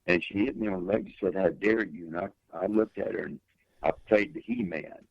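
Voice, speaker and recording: A man's voice: a little fast, gravelly, no room sound, lo-fi sound. An older man, a guest singer, telling a personal story in an interview with emphatic, swinging delivery. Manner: emphatic testimony with big pitch swings.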